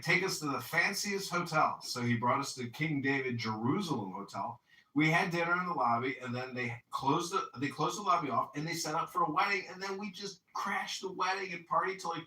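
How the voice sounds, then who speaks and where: A man with a very bright, forceful voice tells stories in a lively, animated way. He sits back from the mic, and a roomy echo hangs around his voice. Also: mid-range voice, brisk, distant mic. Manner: animated storyteller, acts out others' lines. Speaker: podcast host. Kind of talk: casual group chat storytelling.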